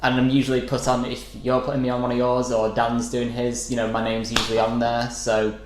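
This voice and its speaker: A man's voice: medium pitch, monotone, brisk. Joking English man in an echoey room. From England. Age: late 20s. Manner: self-deprecating, jokey storytelling. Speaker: comedian guest. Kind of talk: casual podcast chat. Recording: echoey room with faint noise.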